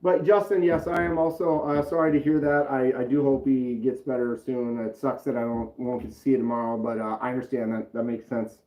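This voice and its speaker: A man's voice: medium pitch, flat delivery, fairly quick, few pauses, warm tone. A man casually chatting on a live stream, rambling and greeting viewers from the chat by name. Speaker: knife channel live streamer. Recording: roomy, slightly dull sound.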